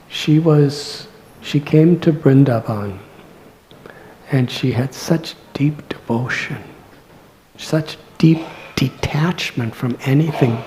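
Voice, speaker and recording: A man, a monk, telling devotional stories in a scripture class at a temple, soft-spoken and often dropping to near-whispers. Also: mid-range voice, slight background noise, poor audio. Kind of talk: devotional lecture storytelling.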